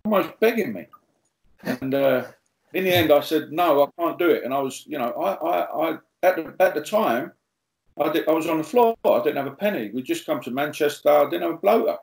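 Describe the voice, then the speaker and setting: A man's voice: a little high, a little fast, vocal fry, reverberant, poor audio. A male pastor, telling humorous stories as a podcast guest and acting out the dialogue. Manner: lively, jokey, acts out quoted dialogue. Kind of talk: humorous storytelling.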